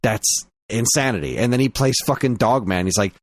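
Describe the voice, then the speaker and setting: A man's voice: medium pitch, expressive, a little fast. A man co-hosting a podcast in casual chat, rambling through an anecdote and laughing often. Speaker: podcast co-host.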